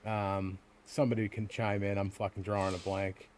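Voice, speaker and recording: A man's voice: lowish voice, flat delivery, moderate pace, darkish tone. A man co-hosting a podcast in casual chat, rambling with frequent stammered restarts and swearing. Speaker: podcast co-host.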